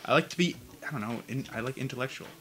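A man's voice: medium pitch, rapid-fire, a bit bright. A young man explaining a video game in casual chat, laughing, swearing and restarting his sentences. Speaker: gamer playing co-op commentary. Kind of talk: casual let's play chat.

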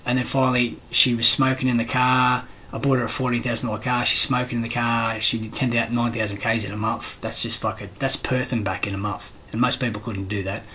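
A man's voice: medium pitch, little pitch movement, fairly quick, hardly any pauses, pushed and bright, slight background noise, poor audio. A middle-aged Australian man in a rambling, profane monologue, blunt and aggrieved, swearing constantly.

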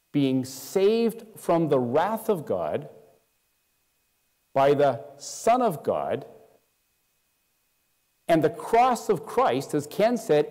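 A man preaching a sermon as pastor, emphatic, dropping soft and low to stress his points. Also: in a large hall. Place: church.

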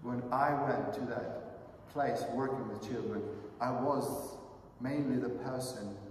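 Male pastor, sermon, unhurried, addresses the brothers and sisters; recorded far off in a long-echo sanctuary. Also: mid-range voice, steady tone, darkish tone, slight background noise. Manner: earnest, asks the congregation many questions; calls the listeners brothers and sisters. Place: church sanctuary. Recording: echoey hall, mic far off.

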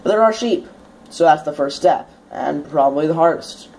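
A woman's voice: low-pitched, animated, moderate pace, a little mellow, slight background noise. A young woman hosting a gameplay video, chatting casually as she plays, swearing now and then and bursting into sudden shrieks when startled. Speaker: let's play host.

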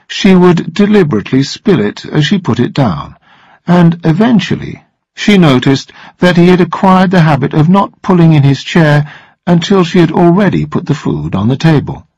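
A man narrating a story aloud for English listening practice, with a measured, expressive delivery. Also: on the high side, slightly rough, no echo, muffled recording.

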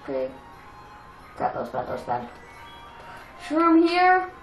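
A young woman casually commenting on a racing game she plays, chatty and self-deprecating, with excitable outbursts. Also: a bass voice, brisk. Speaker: let's play gamer. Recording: echoey room with game music.

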